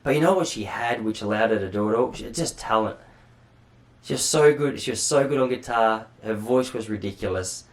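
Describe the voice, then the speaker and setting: A man's voice: on the low side, fairly quick. An Australian man hosting a podcast alone, chatting in a rambling, self-deprecating way with casual swearing. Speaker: podcast host. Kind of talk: solo casual monologue.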